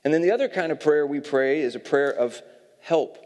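A pastor giving a sermon, reading scripture aloud and explaining it with casual asides. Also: male voice, on the high side, normal speed, darkish tone. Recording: long reverb of a hall.

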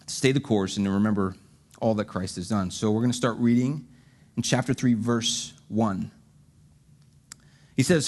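A man's voice: medium pitch, darkish tone. A man preaching a sermon, reading scripture and explaining it conversationally with joking asides. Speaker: pastor.

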